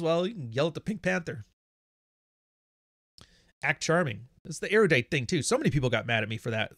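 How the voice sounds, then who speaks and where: A man's voice: a little high, no room sound, clean studio sound. Blunt, profane male livestream host. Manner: blunt, profane, animated storytelling. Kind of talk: casual livestream monologue.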